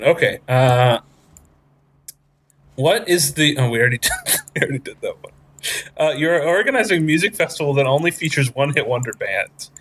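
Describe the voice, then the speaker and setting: A man's voice: mid-range voice, a bit bright. Male podcast host, casual chat, rambling, jokey, full of fillers.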